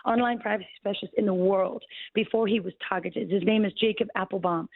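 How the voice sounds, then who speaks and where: A mid-pitched woman who is a guest on talk radio makes her case with urgent emphasis. Her voice comes over a narrow, phone-like line with a dry, close sound. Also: dry recording. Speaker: guest journalist.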